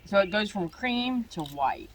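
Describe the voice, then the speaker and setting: A woman's voice: medium pitch, lively intonation, unhurried, slight background noise, low-quality recording. A woman showing a group how to identify a banded bird, asking questions and restarting her sentences. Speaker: bird bander leading a demo. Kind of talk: teaching a small group outdoors.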